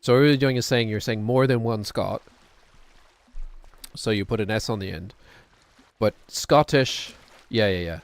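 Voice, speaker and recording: A man's voice: on the low side, fairly even intonation, normal speed, long pauses, smooth. A middle-aged man from New Zealand with a New Zealand accent, chatting casually as a streamer while gaming, rambling and correcting himself as he goes. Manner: rambling, self-correcting, chuckling.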